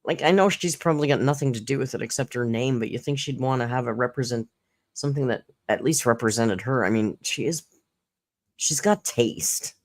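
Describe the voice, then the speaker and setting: A woman's voice: a bass voice, a little fast. A woman hosting a live reaction stream, giving sarcastic commentary with swearing and laughter. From Canada.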